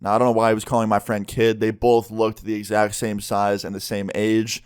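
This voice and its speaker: Chill guy in his 20s telling a storytime, lowish voice, super clear. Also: level tone, brisk, darkish tone. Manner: casual storyteller, heavy use of "like". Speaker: vlogger. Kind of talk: storytime vlog.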